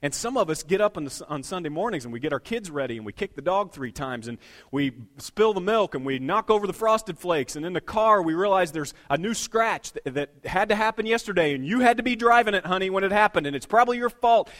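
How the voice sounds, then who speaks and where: A middle-aged man preaching a sermon as pastor, telling everyday stories and swinging between hushed remarks and loud, emphatic lines. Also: high-pitched, expressive, brisk.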